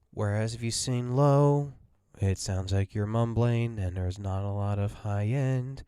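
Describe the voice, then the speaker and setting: A man hosting a casual mixing tutorial, talking quietly through a migraine and correcting himself as he explains. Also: lowish voice, moderate pace, clear, resonant tone, dry recording, studio quality. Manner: rambling, self-correcting explainer. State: has a migraine, talks quietly. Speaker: audio mixing host.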